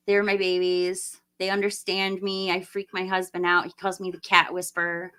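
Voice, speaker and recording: A woman's voice: mid-range voice, unhurried, pushed and bright. A woman in her late forties chatting casually on a livestream, rambling and laughing often as she answers viewer comments. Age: 40s. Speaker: livestream host.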